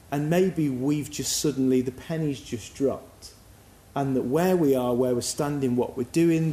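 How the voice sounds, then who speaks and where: A man's voice: medium pitch, warm tone, roomy sound. A man giving a sermon in a reflective, musing, conversational way. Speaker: preacher.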